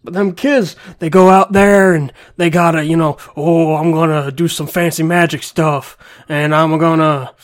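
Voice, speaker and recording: A man's voice: medium pitch, steady tone, unhurried, fairly bright tone, natural voice. A man playing a blunt, laid-back orphan warrior who fights with a trident, in a bad Texas drawl. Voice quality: bad Texas drawl, Stone Cold impression.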